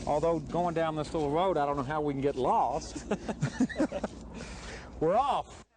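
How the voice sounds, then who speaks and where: A man hosting a travel show outdoors on a high mountain trail, breathless from the altitude and full of wonder, asking many questions. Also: slow pace, noisy background.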